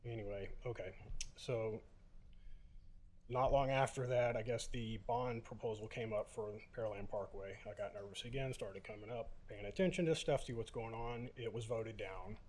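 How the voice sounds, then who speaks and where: A man's voice: lowish voice, normal speed, a little mellow. A middle-aged man, holding back tears, giving plainspoken public comment at a city council podium. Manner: plainspoken, emotional, many uhs.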